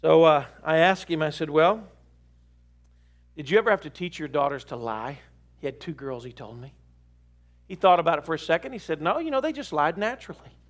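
High-voiced, animated preacher man. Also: a little fast, pauses often. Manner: animated, acts out quoted voices. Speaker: pastor. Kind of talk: sermon storytelling. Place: in South Florida.

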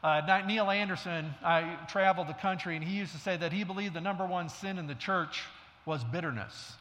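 Man, middle-aged pastor, sermon, conversational storytelling, bright tone, long hall reverb. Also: sits high, fairly quick. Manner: storytelling, conversational with self-deprecating laughs.

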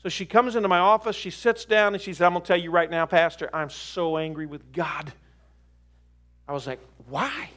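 A man's voice: a little high, brisk. A pastor preaching a sermon, telling stories and acting out the voices of people he has counseled. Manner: animated, acts out quoted voices. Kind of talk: sermon storytelling. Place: in South Florida.

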